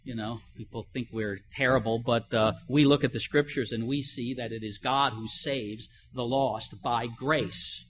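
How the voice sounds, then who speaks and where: A man's voice: mid-range voice, steady tone, a little slow, few pauses, slight background noise. An older man preaching a sermon in a conversational way, telling everyday stories and asking rhetorical questions. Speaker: pastor.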